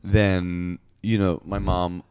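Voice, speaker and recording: A man with a fairly low voice rambles through a comic story on a podcast, laughing as he goes. The sound is close and dry, with no room around him. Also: flat delivery, slow pace, a little mellow, clean tone, no echo. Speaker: podcast co-host. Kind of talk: casual comedic storytelling.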